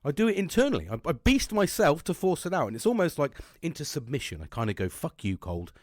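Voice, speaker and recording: A man's voice: on the high side, sing-song, fast talker, dry recording, studio quality. A man, hosting a podcast in a casual monologue, blunt and boisterous and swearing constantly. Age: 40s. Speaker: podcast host.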